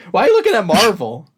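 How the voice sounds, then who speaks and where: A man co-hosts a podcast in casual chat, rambling his way through a long list he's looking up. His voice sits high and has a husky quality.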